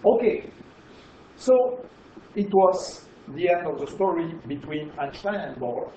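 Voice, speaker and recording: A man's voice: fairly high pitch, very animated, takes it slowly, warm tone, slight background noise. A man with a French accent giving a physics lecture, explaining emphatically and checking in with the audience. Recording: roomy, dull lecture hall recording.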